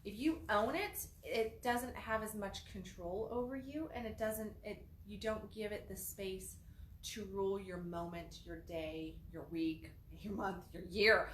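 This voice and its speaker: Animated woman in an echoey room. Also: mid-range voice, unhurried, a little hiss or hum. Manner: animated, acts out quoted phrases in changed voices. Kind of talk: casual conversational talk on self-development.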